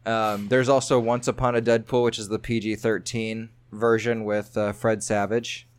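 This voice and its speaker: A man's voice: lowish voice, little pitch movement, normal speed, clear, resonant tone. A man co-hosting a podcast in casual chat, jokey and loose, laughing often. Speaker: podcast co-host.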